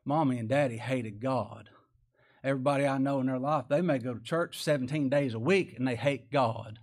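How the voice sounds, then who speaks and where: A man's voice: medium pitch, moderate pace. A man preaching a sermon in a folksy, conversational way, asking rhetorical questions and chuckling as he goes. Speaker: pastor.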